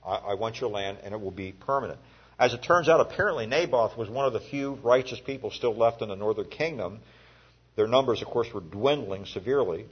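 A man's voice: medium pitch, husky. A man teaching a Bible class in a folksy, conversational way, telling the story and asking his students questions. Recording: dull lo-fi recording.

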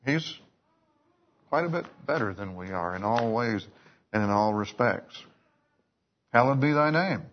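A man's voice: mid-range voice, expressive, measured pace, pauses often, slight background noise. A man preaching a sermon, telling stories in a folksy way with restarts and asides. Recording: dull lo-fi recording.

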